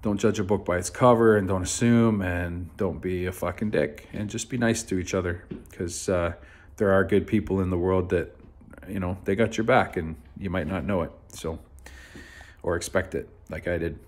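A man with a deep, low voice tells a personal story straight to camera. He is from Canada and talks in a loose, rambling way, full of fillers like "uh" and "so," with the odd curse word thrown in. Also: moderate pace. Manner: laid-back, rambling, with frequent fillers and swearing. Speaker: vlogger.

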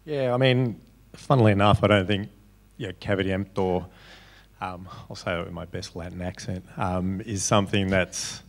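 A man's voice: low voice, fairly even intonation, moderate pace, vocal fry. A man answering as a panelist on small business lending, casual and full of "you know" fillers. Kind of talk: panel discussion.

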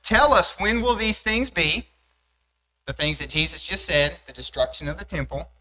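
Animated young preacher man, emphatic. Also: fairly high pitch, normal speed, a little hiss or hum, rough recording. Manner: animated, rising emphatic delivery with rhetorical questions. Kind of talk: sermon. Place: church sanctuary.

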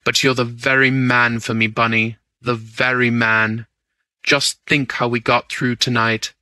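A man voicing a charming, self-assured gentleman thief in an audiobook, with an easy, amused and persuasive way of talking. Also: mid-range voice, flat delivery, measured pace, clean tone, dry recording.

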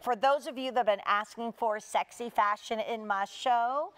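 A chatty woman hosting a live home shopping broadcast, talking in a slightly high voice. She keeps a bubbly, persuasive sales patter going as she shows off the shoes. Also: moderate pace, fairly bright tone. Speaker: shopping channel host.

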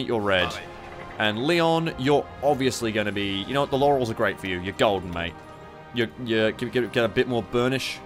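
A young man hosting a strategy game playthrough, rambling and swearing with mocking asides. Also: fairly low pitch. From Australia. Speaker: gaming channel host. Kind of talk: casual strategy game commentary.

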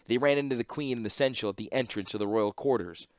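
A man narrating a fantasy story in audiobook style, steady and measured. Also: medium pitch, dry recording, studio quality.

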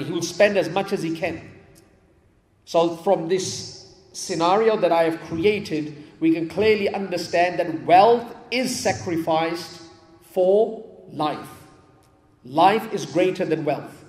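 A man with a fairly high voice tells stories in a sermon and repeats his key phrases to drive them home. He is from England. His voice rings through a roomy hall with a long, lingering reverb. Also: slow pace, a little mellow. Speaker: preacher. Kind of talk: storytelling sermon. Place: mosque hall.

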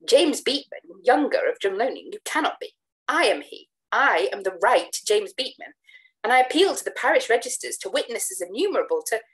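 Woman voicing a fiery indignant gentleman. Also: animated, brisk, natural voice. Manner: loud, high, emphatic outbursts. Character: indignant young Scottish gentleman shouting his claim.

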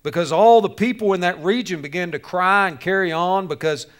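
A man preaching a lively sermon, telling a story and acting out its characters with jokes for the audience. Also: high voice, fairly quick, clean tone. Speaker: speaker to youth on bullying.

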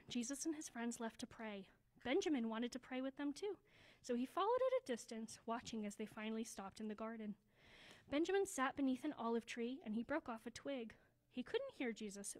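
A woman reading a children's story aloud at a church service, slowing down for emphasis and dropping to a hush. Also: fairly high pitch, poor audio. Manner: expressive, slows down for emphasis, drops to a hushed voice.

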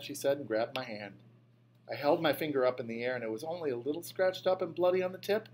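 Man, audiobook narrator, first-person storytelling, mid pitch, faint hum. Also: quick pace. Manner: first-person storytelling, lively when voicing a child. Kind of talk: scripted narration.

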